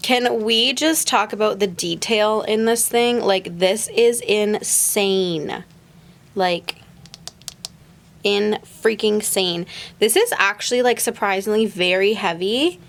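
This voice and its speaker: Slow-paced and fairly bright, this adult woman's medium-pitched voice carries an unboxing video of a gift box for YouTube. She's a mother filming with her little daughter, and she gushes, gasps and says the same exclamations over and over.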